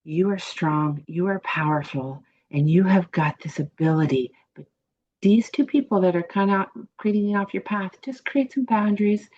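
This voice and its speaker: A woman's voice: on the low side, normal speed, darkish tone, highs cut off. A woman psychic giving an emphatic, encouraging reading to a viewer, repeating her reassurances. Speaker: psychic panelist.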